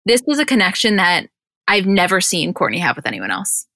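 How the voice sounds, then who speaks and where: A woman podcast co-host chatting casually about a reality show. She gushes, swears freely and fills her talk with "like". Her voice sounds bright and forceful, and the sound is dry and close. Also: on the low side, very animated, fairly quick, dry recording. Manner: gushing, swears freely, lots of "like".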